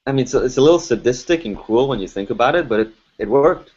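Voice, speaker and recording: A voice actor guest, whose first language is French or Arabic, speaks with a faint, hard-to-place foreign accent in a casual interview. His mid-range, slightly rough voice is fast, and he tells stories animatedly and laughs often. The podcast audio is dull and lo-fi.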